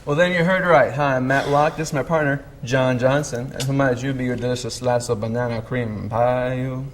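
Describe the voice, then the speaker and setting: A man's voice: mid-range voice, steady tone, normal speed, slight background noise, lightly acted. A man playing a smarmy, chummy lawyer with a greedy streak.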